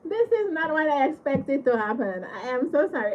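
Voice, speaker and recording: A woman's voice: sits high, sing-song, normal speed, hardly any pauses, darkish tone, dull audio. A woman hosting a casual livestream from her home, giggly and apologetic, thanking her viewers again and again. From Caribbean. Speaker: livestream host. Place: home living room.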